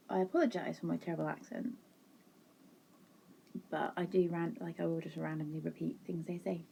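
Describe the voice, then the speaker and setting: A woman's voice: low voice, fairly even intonation, normal speed, gravelly, pauses often, dark tone, slight background noise. A woman chatting casually to her viewers in a crafting vlog, chatty and self-mocking, sitting at home. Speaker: vlogger. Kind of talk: casual chat.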